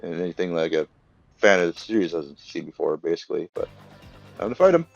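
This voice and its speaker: A young man giving rambling, casual commentary over a game, acting out the characters' lines in quick bursts. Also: sits low, expressive, vocal fry, muffled recording, soft background music. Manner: rambling, filler-heavy, acts out characters' lines. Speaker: let's play commentator.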